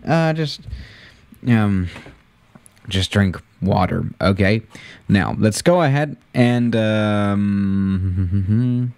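A man live-streams a flight simulator, chatting casually with viewers, frequently stumbling over his words and laughing at himself. His voice is fairly low, slow, and a little mellow.

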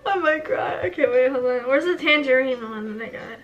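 A young woman vlogger giving excitable, casual commentary over gameplay, often squealing and laughing. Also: high voice, moderate pace, highs cut off, faint music behind. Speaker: gaming vlogger.

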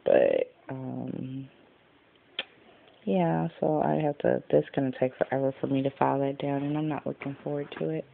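Woman vlogger, low and gravelly, tired and rambling, tinny lo-fi recording. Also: big pitch swings, moderate pace. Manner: rambling and chatty, trailing off mid-sentence. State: tired, yawning. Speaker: vlogger showing her craft pieces. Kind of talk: casual show-and-tell vlog. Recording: tinny lo-fi phone-like sound, faint noise.

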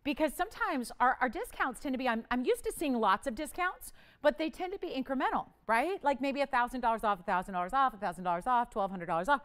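A woman hosting a live jewelry shopping show, pitching items in chatty, joking, upbeat patter. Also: animated, fairly quick, hardly any pauses, fairly bright tone. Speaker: shopping channel host.

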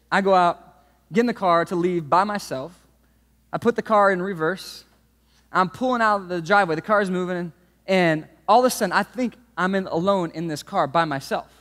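High-voiced preacher in a reverberant hall. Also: male voice. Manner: animated storytelling, swings from hushed to shouting. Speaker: pastor. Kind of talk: sermon. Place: church auditorium.

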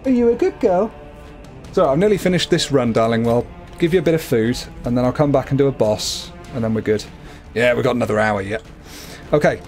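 A man's voice: brisk, darkish tone, soft background music. A man casually commenting on a game he is livestreaming, chatty and playful. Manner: chatty, playful, often slips into a high cooing voice for his cat. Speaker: gaming livestreamer.

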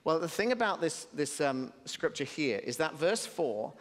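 British pastor preaching in a reverberant hall. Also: male voice, fairly high pitch, big pitch swings, moderate pace. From Britain. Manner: conversational preaching with humorous asides. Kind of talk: sermon.

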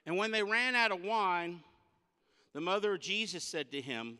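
Bright, high-voiced comic preacher. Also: male voice, normal speed, clear, resonant tone. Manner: animated, comic storyteller. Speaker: guest speaker. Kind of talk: humorous sermon storytelling. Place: church sanctuary. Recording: long church hall reverb.

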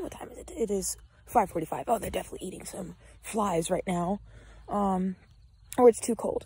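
A woman's voice: mid-range voice, normal speed, mellow, husky, poor audio. A woman chatting casually to camera as a vlogger, goofy and chatty, often dropping into a whisper. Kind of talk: casual vlog chat. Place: outdoors by a pond.

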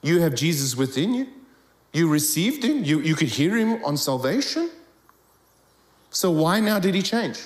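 A man's voice: fairly high pitch, measured pace, long pauses. A man preaching in a church, telling stories with rising emphasis. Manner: animated storytelling, rising emphasis. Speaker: guest preacher. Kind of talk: sermon. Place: church hall. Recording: echoey church hall.

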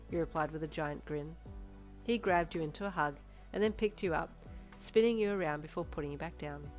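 Woman narrator for a fanfic audio story, low voice, faint background music. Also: fairly even intonation, fairly quick, a little mellow. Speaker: fan fiction narrator. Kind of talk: scripted second-person narration.

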